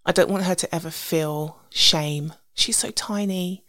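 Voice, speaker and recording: A woman in her thirties hosting a podcast, rambling casually with restarts and soft asides. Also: on the low side, measured pace, hardly any pauses, dry recording, clean studio sound. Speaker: podcast host. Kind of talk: casual solo podcast monologue.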